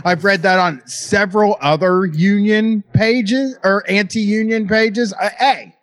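A man's voice: high-pitched, slow. A man hosting a casual comedic podcast, reading out documents and riffing on them sarcastically.

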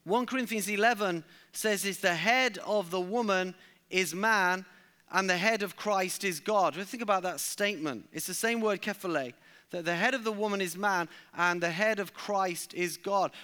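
A man's voice: high voice, moderate pace, sharp tone. A male preacher delivering a sermon, emphatic, and repeating key lines for stress.

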